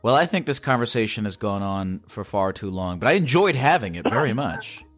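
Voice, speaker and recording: A young man hosting a call-in podcast, rambling and self-mocking, his voice jumping up when he gets excited. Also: on the low side, fairly quick, faint music behind. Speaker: podcast host taking calls. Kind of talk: casual call-in chat.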